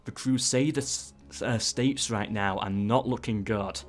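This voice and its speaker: A man giving casual play-by-play commentary on a strategy game, breaking into excited asides. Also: lowish voice, measured pace, faint music behind. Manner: excitable, frequent "ooh"s and asides.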